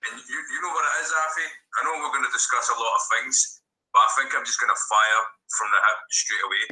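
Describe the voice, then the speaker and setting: A man's voice: medium pitch, fairly even intonation, brisk, pushed and bright. A man joining a livestream as a guest over a video call, talking blunt and slangy. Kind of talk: casual livestream chat. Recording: tinny video call audio.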